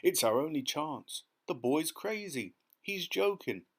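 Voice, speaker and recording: A man voicing a fretful male earthworm who protests loudly and in a panic in an audiobook. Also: a little high, very animated, unhurried, husky, pitched above the performer's own voice, full character voice. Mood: indignant. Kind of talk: audiobook character reading.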